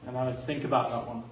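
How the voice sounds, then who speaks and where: A man's voice: mid-range voice, slight background noise. Earnest man preaching in an echoey room. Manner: earnest, shifts between quiet reflection and rising emphasis. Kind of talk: sermon. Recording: echoey room, voice a bit far from the mic.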